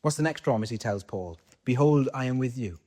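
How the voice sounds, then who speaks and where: A Welsh man preaching to his congregation at a mid-range pitch. He talks in a conversational way, asking his listeners questions and then answering them himself. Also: lively intonation, fairly quick, darkish tone. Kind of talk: sermon.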